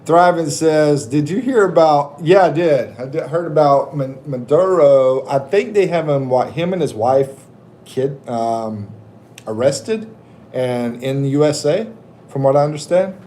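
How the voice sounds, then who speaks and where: A man hosting a casual livestream, talking slowly and joking with his viewers. His voice sits a little high, with a faint rumble in the background. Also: mellow. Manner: jokey, laughing, chatting with viewers. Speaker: livestream host and expat coach.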